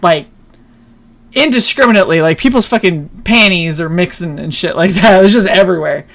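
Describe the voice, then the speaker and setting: A woman's voice: on the low side, fairly quick, fairly bright tone. A young adult woman co-hosting a stream, telling a story casually, swearing and laughing often. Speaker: stream co-host.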